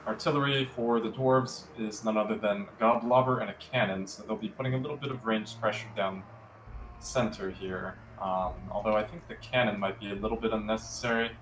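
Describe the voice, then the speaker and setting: Monotone male game caster, echoey room. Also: fairly low pitch, brisk. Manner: monotone, even delivery. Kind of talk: esports game commentary. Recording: echoey room, faint background noise.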